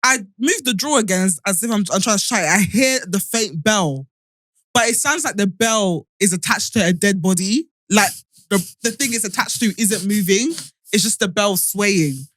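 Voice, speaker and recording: Animated woman, bright voice. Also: medium pitch, moderate pace, no echo, clean studio sound. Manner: animated, laughing storyteller. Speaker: podcast co-host. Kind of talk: casual chat.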